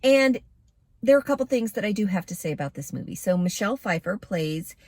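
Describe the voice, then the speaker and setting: A woman's voice: mid-range voice, expressive, brisk, darkish tone, no room sound. A woman giving a casual, candid movie review to camera, chatty with plenty of fillers.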